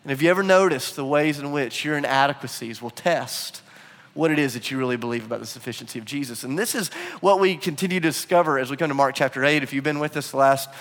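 A man preaching a sermon, telling a personal story with animated, acted-out quotes. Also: medium pitch, fast talker. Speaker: pastor. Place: church hall. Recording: long hall reverb.

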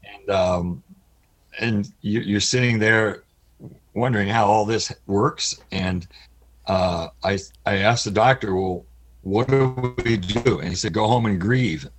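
A middle-aged man giving an interview, speaking in an earnest, halting way with frequent pauses, his voice cracking with emotion. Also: on the low side, slightly rough. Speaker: interview guest. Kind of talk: candid personal interview.

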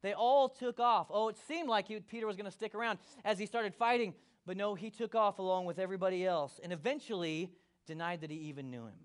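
A male pastor preaching a sermon, swinging from hushed to loud and acting out quotes. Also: sits high, brisk, few pauses.

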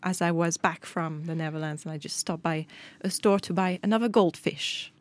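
A woman's voice: lowish voice, moderate pace. A middle-aged woman, co-hosting a casual chat and telling a story with quoted dialogue. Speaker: podcast co-host.

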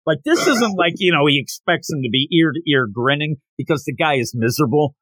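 A man co-hosting a podcast, casually recapping a manga chapter and acting out the characters' lines in quick voices. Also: on the high side, dry recording. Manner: animated retelling, quoting characters in quick voices. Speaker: podcast co-host.

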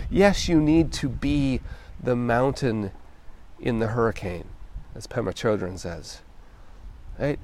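A man hosting a solo podcast, speaking in a gentle, reflective, encouraging way and often checking in with "right?". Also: medium pitch. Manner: conversational, often ends thoughts with "right?". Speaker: podcast host.

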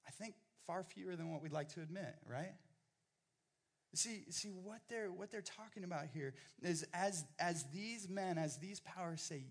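A middle-aged male pastor preaching a sermon, often repeating and restarting his words as he builds up, at times nearly shouting. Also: high voice, normal speed. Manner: animated, repeats words, rising to near-shouting.

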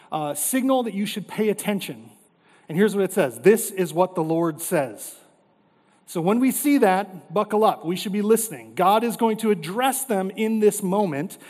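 Male preacher, thirties, high tenor, earnest with hushed dramatic drops, long hall reverb. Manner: earnest preaching, voices God with dramatic drops in pitch and volume. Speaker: pastor. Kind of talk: sermon.

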